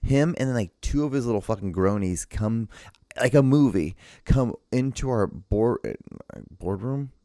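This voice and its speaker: Young man, podcast host, low gravelly voice, dark dry sound, rambling profane casual talk. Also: expressive, measured pace, dry recording. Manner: profane, rambling, restarts sentences often.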